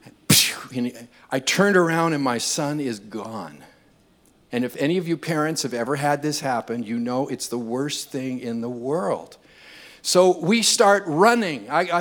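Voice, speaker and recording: An older man preaching a sermon, telling funny family stories and building to loud, impassioned appeals. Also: on the high side. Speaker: pastor. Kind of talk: sermon with humorous storytelling.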